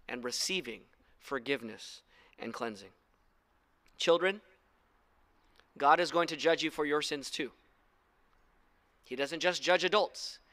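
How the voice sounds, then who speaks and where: A man's voice: a little high, sharp tone. A man preaching a sermon in a church as pastor, making earnest, direct appeals to his listeners. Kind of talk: sermon with storytelling.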